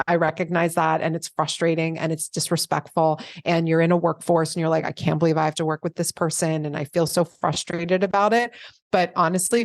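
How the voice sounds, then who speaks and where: A woman in her forties, an attorney being interviewed, speaking calmly and evenly and acting out the lines of people she has dealt with. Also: on the low side, dry recording, studio quality. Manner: calm, measured, acts out quoted dialogue. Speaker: attorney guest. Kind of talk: conversational interview answers.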